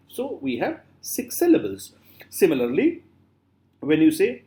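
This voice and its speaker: Middle-aged male professor, lively intonation, repeats words slowly for students, lots of fillers. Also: on the high side. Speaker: literature lecturer. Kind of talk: classroom lecture.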